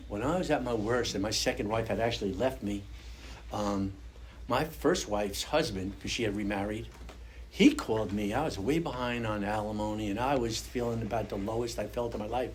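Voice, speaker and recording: A man's voice: fairly low pitch, slight background noise. An older man giving an earnest, conversational personal testimony at a recovery meeting, speaking to an audience in a meeting room. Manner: earnest, conversational, acts out quoted voices.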